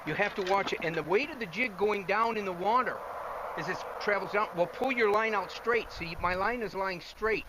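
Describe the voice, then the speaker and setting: A man talking straight to the camera from a river bank, folksy and excited and audibly out of breath. His voice sits a little high. Clear outdoor noise runs under the camera mic. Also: moderate pace. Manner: excited, folksy, talks to viewers directly. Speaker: fishing show host. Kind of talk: outdoor fishing commentary.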